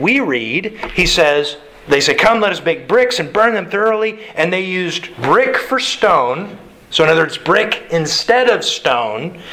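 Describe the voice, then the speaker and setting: Bright-voiced male preacher quizzing his audience. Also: a little high, poor audio. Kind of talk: sermon.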